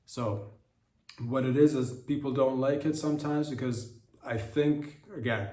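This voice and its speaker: A man's voice: medium pitch, fairly even intonation, measured pace, dark tone. Rambling man, roomy and distant. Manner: rambling, irreverent rhetorical riffs. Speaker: podcast host. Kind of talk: comedic solo monologue.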